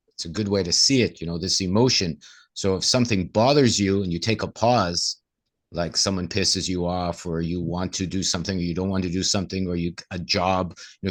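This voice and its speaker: A man, co-host of a casual discussion, who often acts out inner voices in quoted asides. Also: low-pitched.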